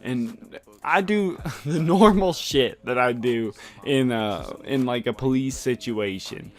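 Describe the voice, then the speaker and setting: A man's voice: mid-range voice, slow pace. A young man telling a story on his vlog in a casual, slangy, profane way, often breaking into laughter. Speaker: vlogger.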